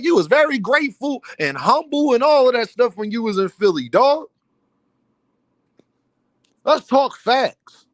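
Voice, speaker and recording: Heated high-voiced man ranting on stream. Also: no echo. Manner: heated, insistent, slangy, talks straight to chat. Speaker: boxing commentary streamer. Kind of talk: live stream rant.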